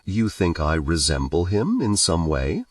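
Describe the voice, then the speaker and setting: A man's voice: deep voice, very animated, a little slow, recorded from a distance. A man voicing an earnest male alien boyfriend who speaks in formal, precise phrases without contractions. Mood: curious.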